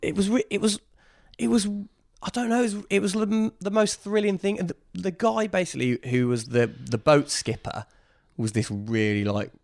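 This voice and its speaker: A man, a guest in a casual interview, telling a story with lively quoted voices. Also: high-pitched, moderate pace, vocal fry.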